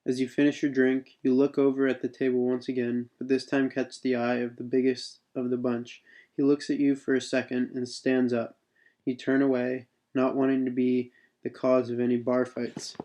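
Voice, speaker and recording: A man's voice: medium pitch, completely flat delivery, moderate pace, warm tone. A man reading his own second-person adventure text aloud, unpolished, with spoken asides.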